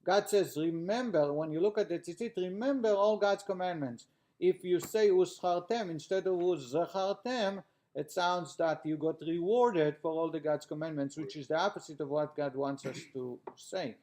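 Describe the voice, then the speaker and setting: A man's voice: fairly high pitch, normal speed, a little mellow. A man teaching a class, reading a text aloud and then explaining it in plain words with frequent restarts.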